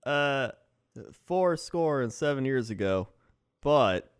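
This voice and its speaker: Relaxed young man with lively intonation. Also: medium pitch, slow pace, clean tone, no room sound, studio quality. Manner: laid-back, laughs often, mimics people. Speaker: podcast co-host. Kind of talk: casual chat.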